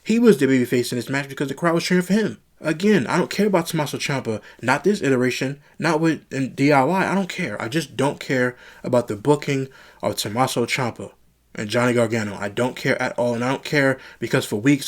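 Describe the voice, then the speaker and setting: A man talks through his solo wrestling show review, his pitch sitting at an ordinary middle height. He gets frustrated often and circles back over the same complaints. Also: fairly quick. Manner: frustrated, ranting, repeats himself.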